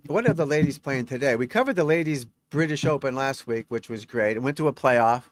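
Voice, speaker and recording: A man's voice: mid-range voice, animated, brisk, no echo. A middle-aged man, a golf instructor, chatting on a live stream, reading out scores and talking to viewers in a rambling, talkative way.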